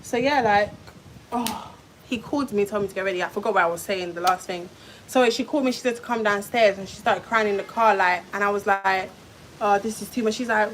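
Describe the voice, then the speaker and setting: A woman's voice: medium pitch, brisk, slight background noise. Chatty young woman. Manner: chatty, swears, lots of fillers and restarts. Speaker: vlogger telling a story. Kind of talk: casual storytime.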